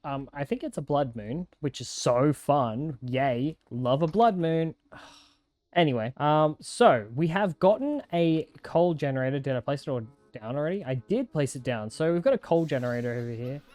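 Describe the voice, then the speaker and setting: A young man giving live let's-play commentary, chatting to himself with sudden excited outbursts. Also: on the high side, moderate pace, dry recording, faint music behind. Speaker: gaming content creator.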